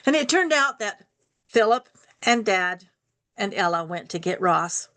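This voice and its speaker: An older woman telling a personal family story aloud, unhurried, repeating phrases for rhythm. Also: mid-range voice, lively intonation, a bit bright.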